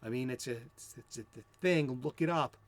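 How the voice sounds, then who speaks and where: A man's voice: mid-range voice, normal speed. A man from the United States hosting a comic book show, talking in a rambling, profane, self-interrupting way. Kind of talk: casual rambling chat.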